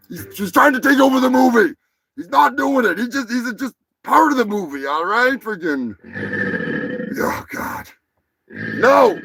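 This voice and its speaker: Crude rambling male host, lively voice. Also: sits high, a little slow, creaky, long pauses, over music, low-quality recording. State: high. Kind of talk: casual live show chat.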